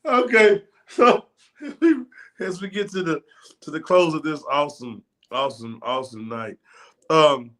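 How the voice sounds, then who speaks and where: A man's voice: on the high side, animated, a little slow, fairly bright tone. A man hosting an interview, laid-back and rambling with slang. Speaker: host. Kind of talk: casual interview chat.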